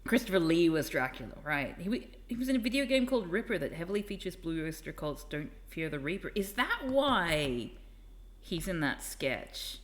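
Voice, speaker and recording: A woman's voice: fairly low pitch, sing-song, moderate pace. A woman streamer chatting casually and rambling with asides. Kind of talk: casual live-stream chat.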